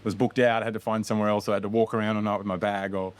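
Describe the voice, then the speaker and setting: A man's voice: on the low side, little pitch movement. A middle-aged man, chatting upbeat as a podcast guest, with lots of fillers. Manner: quick, upbeat, frequent fillers like 'you know'. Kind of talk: casual interview chat.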